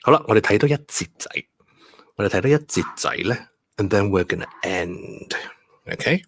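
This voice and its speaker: A man's voice: on the low side, animated, moderate pace, no room sound, studio quality. A man, teaching stress and rhyme through a bedtime story on a livestream, patient and step by step. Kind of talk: bilingual livestream lesson and bedtime story reading.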